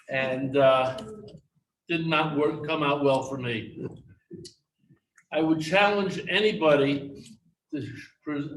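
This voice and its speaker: A middle-aged man telling humorous personal stories at a memorial gathering. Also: a little high. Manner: humorous anecdotal storytelling. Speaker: eulogy speaker. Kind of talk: storytelling memorial speech. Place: synagogue hall. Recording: echoey hall from far off with faint noise.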